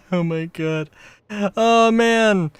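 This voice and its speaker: A man's voice: high voice, drawn-out words, slight background noise. A young man chatting casually on a live stream, ranting in exasperation with lots of swearing and filler words.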